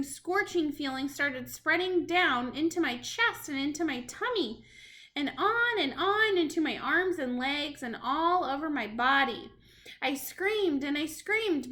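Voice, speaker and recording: A woman reading a storybook chapter aloud to children in an expressive, dramatic way. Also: high voice. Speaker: reader to children.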